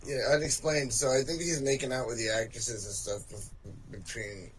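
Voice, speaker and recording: A man's voice: medium pitch, little pitch movement, moderate pace, a little hiss or hum, poor audio. A young adult man co-hosting a casual movie watch-along, rambling and swearing. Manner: laid-back, profane, rambling. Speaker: co-host.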